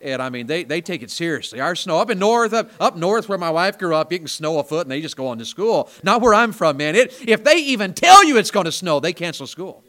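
A man with a Southern accent from Tennessee preaching a sermon in a small church. He tells a story in a folksy way, dropping to quiet asides and then climbing to loud, emphatic bursts. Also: high voice, sing-song, a little fast, hardly any pauses. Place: small church during a service.

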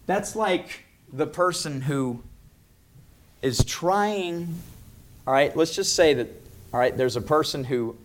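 A man preaching a sermon with passion, dropping to a hush and rising to loud cries as he acts out the voices he quotes. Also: medium pitch. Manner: impassioned, swings from soft to loud cries.

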